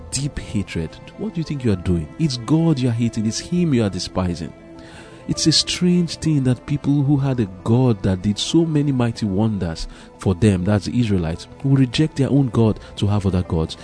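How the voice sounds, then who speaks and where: A man preaches with a dark, mellow, fairly low voice. He reads scripture aloud and comments on it earnestly, moving between hushed passages and emphatic ones. Faint music plays underneath. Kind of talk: sermon with scripture reading.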